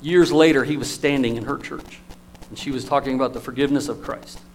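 A man preaching a sermon, telling stories in an emotional, storytelling manner with lively swings in loudness. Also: mid-range voice, a little fast, a little hiss or hum, low-quality recording.

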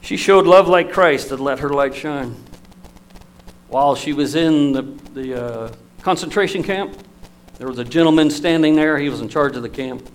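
A man preaching a sermon, telling stories in an emotional, storytelling manner with lively swings in loudness. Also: a little high, moderate pace, low-quality recording.

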